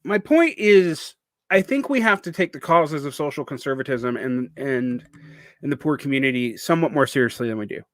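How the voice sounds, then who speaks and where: Expressive and medium-pitched, this Southern US vlogger of around forty talks at normal speed with no echo. A faint Southern accent and a speech impediment smudging his r, l and w sounds color his casual, wandering monologue, which is full of restarts and digressions.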